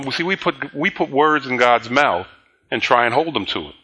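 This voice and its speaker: A middle-aged male pastor preaching a sermon, slow and deliberate with emphatic repetition and chuckling asides. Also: mid-range voice, sing-song, pushed and bright, breathy edge.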